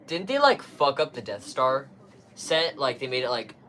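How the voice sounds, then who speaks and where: A man's voice: mid-range voice, big pitch swings, moderate pace, sharp tone. Young man ranting crudely on stream. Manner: crude, slangy, ranting and swearing. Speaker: live streamer. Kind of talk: casual live-stream chatter.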